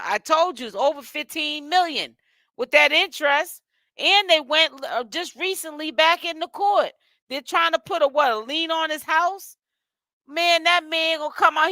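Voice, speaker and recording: Woman, gossip vlogger, casual sassy chat, bright voice, dry close mic. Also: high voice, normal speed, no room sound. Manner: sassy and chatty, full of "honey" and "child" asides. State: tired and yawning while fasting.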